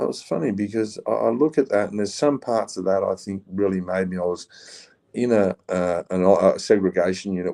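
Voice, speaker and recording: An Australian man with a very deep, gravelly voice tells stories on a podcast. He rambles in a laid-back way and fills his pauses with ums. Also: mellow. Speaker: podcast guest. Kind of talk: casual storytelling.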